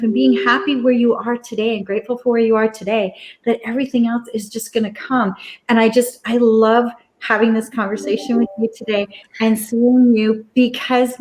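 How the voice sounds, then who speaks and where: A woman's voice: fairly high pitch, moderate pace, a little mellow. A woman in her fifties hosting a casual chat, upbeat and motivational, often acting out her own self-talk. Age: 50s. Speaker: host.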